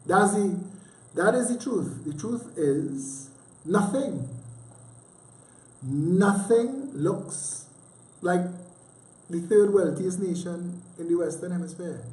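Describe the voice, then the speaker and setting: A man's voice: a little high, mellow. A Trinidadian man hosting a livestream, chatting casually with teasing, sarcastic asides and heavy dialect. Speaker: livestream host. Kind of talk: casual rambling commentary. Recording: roomy echo.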